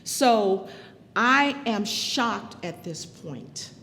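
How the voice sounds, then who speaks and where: A woman recounting her own experience as personal testimony, speaking in a measured, earnest way. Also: medium pitch, expressive, gravelly, sharp tone, long reverb tail, a little hiss or hum.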